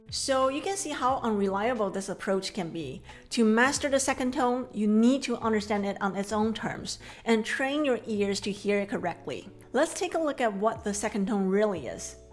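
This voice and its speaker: Woman, Mandarin-native teacher, scripted lesson, clear measured delivery, mid pitch. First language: Mandarin Chinese. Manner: clear, measured explanations with slow modeled drills.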